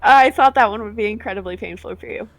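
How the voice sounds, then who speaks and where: A woman narrating as game master of a tabletop game, halting with frequent fillers. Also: mid-range voice.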